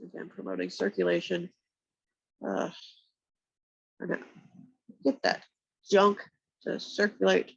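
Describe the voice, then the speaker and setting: A woman with a stuffy, congested voice, calmly giving slow step-by-step yoga and massage cues on a nearby mic. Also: fairly low pitch, gravelly, slightly rough, dry recording, lo-fi sound. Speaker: yoga instructor. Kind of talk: guided yoga instruction. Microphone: external mic nearby.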